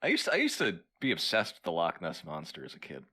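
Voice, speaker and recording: A man's voice: sits low, wildly swooping pitch, quick pace, sharp tone. A man co-hosting a podcast who laughs easily and talks with many fillers and restarts. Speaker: podcast co-host. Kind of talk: casual comedic chat.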